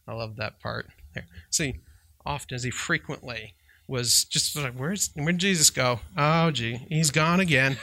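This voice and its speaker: A man's voice: mid-range voice, sharp tone. A man who works as a Christian counselor, giving a conversational faith talk and often checking in with "right?". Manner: conversational, keeps asking "right?"; chuckles while telling stories. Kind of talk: casual faith teaching.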